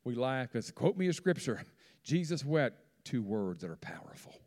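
A man preaching a sermon in church, swinging from hushed, quiet lines to loud, soaring rises. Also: mid-range voice, sing-song, normal speed, few pauses. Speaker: pastor. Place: church sanctuary.

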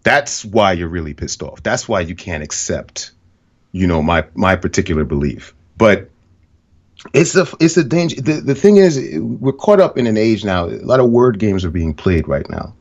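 A man's voice: deep voice, big pitch swings, normal speed, highs cut off. A man hosting a podcast, talking bluntly and profanely in casual conversation. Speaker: podcast host.

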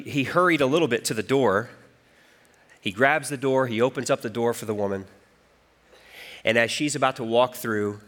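A man's voice: mid-range voice, bright, forceful tone. A man preaching a sermon as pastor, storytelling with his voice rising and falling for emphasis.

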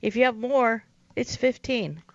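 A woman co-hosting a talk radio show, chatty and quick to interject. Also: a little high, expressive, no room sound, lo-fi sound.

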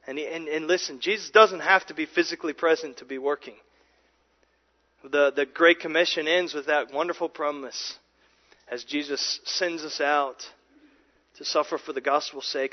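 A man's voice: on the high side, measured pace, long pauses, highs cut off. A man preaching a sermon as pastor, earnest and emphatic, often restarting and repeating words.

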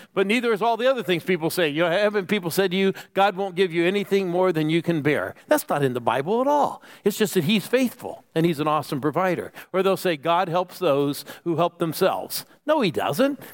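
A man's voice: sits high, very animated, fairly quick. A man preaching a sermon with lots of energy, calling on the congregation to answer back and sometimes dropping to a whisper for emphasis. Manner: calls for audience responses. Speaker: pastor.

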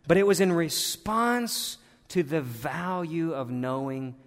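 A man preaches in a church, his voice pitched fairly high for a man. He swings from loud, urgent appeals down to hushed, intimate tones. The sound carries a long reverb from the hall. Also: animated, slow. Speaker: pastor. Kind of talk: sermon. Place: church sanctuary.

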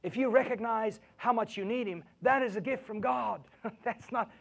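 A man preaching a sermon in an animated way, acting out quotes and laughing often. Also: very high-pitched, moderate pace, gravelly. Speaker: pastor.

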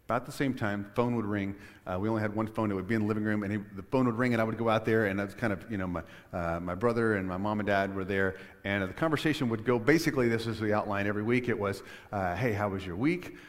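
Middle-aged guy preaching, super low voice, rambly with lots of ums, big echoey church. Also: fast talker. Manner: conversational, many fillers and restarts. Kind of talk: sermon with personal story. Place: church sanctuary. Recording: long hall reverb. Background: long reverb of a large church.

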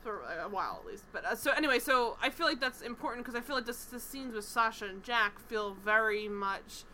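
A woman co-hosting a casual TV recap chat, animated, swearing freely and acting out characters' lines. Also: fairly high pitch, fairly quick, slight background noise, rough recording. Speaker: podcast co-host.

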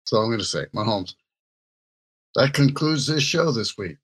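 A man's voice: mid-range voice, expressive, normal speed, husky. A man co-hosting a casual chat show, joking and laughing often between his remarks. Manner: jokey, laughs between lines. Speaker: co-host. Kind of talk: casual banter.

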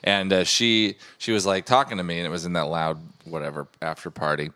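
Male podcast co-host, very low gravelly voice, deadpan humor, dry close sound. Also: fairly quick, dry recording. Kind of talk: comedic podcast banter.

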